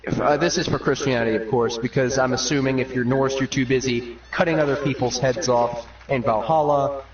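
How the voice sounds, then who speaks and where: A young man streaming, riffing comedically in an animated, rambling way. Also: mid-range voice, brisk, distant mic, slight background noise. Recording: muffled, roomy, from off the mic.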